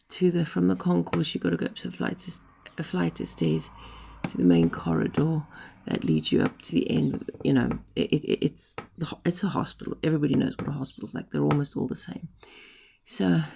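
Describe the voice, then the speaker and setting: Middle-aged woman vlogging while sick, super gravelly raspy voice, out of breath, lots of ums. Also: on the low side, mellow. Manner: rambling, apologetic, frequent ums. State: hoarse and short of breath, coughing. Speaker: vlogger recovering from illness. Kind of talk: casual chat to camera.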